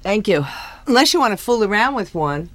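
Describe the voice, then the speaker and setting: A woman's voice: medium pitch, big pitch swings, a little fast, fairly bright tone, slight background noise. A woman voice-over artist joking around between takes in a recording session, wisecracking and self-deprecating.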